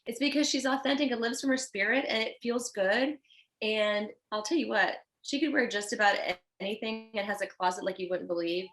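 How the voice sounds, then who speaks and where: Poor audio captures a woman fashion designer being interviewed as a podcast guest. Her voice is mid-range and a little quick, her tone earnest and effusive, and she grows animated in her storytelling.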